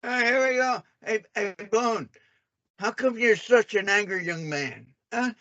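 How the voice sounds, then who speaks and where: A man's voice: sits high, a little slow, a bit bright, dry recording, lo-fi sound. A man in a heated argument who taunts his opponent and keeps cutting in to demand a turn. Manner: taunting, keeps cutting in with repeated calls for attention. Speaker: debater.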